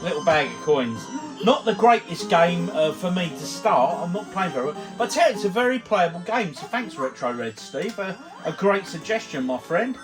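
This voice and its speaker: Male vlogger, slightly high, tipsy banter over game music. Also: big pitch swings, moderate pace. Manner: chatty, jokey banter, commentating while playing. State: a few beers in. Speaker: retro gaming vlogger. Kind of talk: casual gaming vlog chat. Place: at home, indoors.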